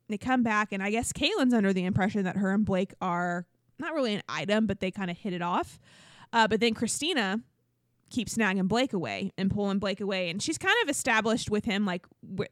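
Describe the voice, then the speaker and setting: A woman's voice: medium pitch, no room sound, clean studio sound. A woman co-hosting a podcast, chatting casually and filling her talk with likes and ums. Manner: chatty, lots of likes and ums, acts out quotes. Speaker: podcast co-host. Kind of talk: casual chat recapping reality TV.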